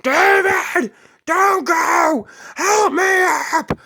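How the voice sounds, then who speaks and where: A man voicing a sick, desperate woman who sobs and pleads in a high wail. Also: extremely slow, bright, forceful tone, shouting, heavily acted. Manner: high wailing, crying pleas. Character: sick young woman, desperate, sobbing, clinging.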